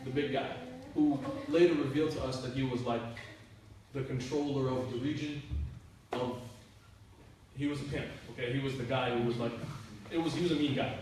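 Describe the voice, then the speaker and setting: In an echoey room recorded from a far-off mic with faint hiss, a man who is a youth minister tells stories to his youth group. He is casual and chatty with plenty of filler words, his mid-range voice steady at a moderate pace with long pauses.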